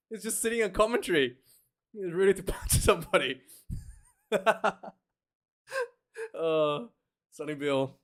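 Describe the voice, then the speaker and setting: Male streamer, higher-pitched, loose and joking, breaks into loud disbelieving rants. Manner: chatty, jokey, prone to loud incredulous rants. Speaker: streamer doing live match commentary. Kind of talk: casual live commentary chat.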